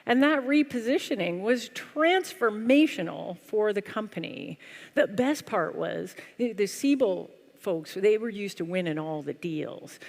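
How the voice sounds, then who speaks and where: A woman giving a humorous keynote talk on stage, telling a story in a lively, wry, self-deprecating way. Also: mid-range voice, gravelly. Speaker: conference speaker. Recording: long hall reverb.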